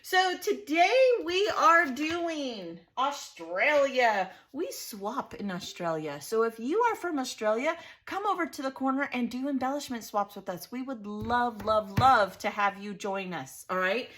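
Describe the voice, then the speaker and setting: A woman's voice: a little high, animated, a little slow, few pauses, a bit bright. A middle-aged woman hosting a casual scrapbooking vlog, bubbly and laughing often as she chats and tells stories. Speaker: scrapbooking channel host.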